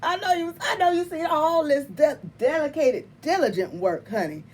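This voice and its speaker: Animated, laughing woman tarot vlogger. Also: high-pitched, moderate pace, noisy background. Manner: animated and emphatic, laughs often, repeats phrases; colloquial, addresses viewers as y'all and honey. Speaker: tarot reader and channel host. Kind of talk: casual chat to viewers.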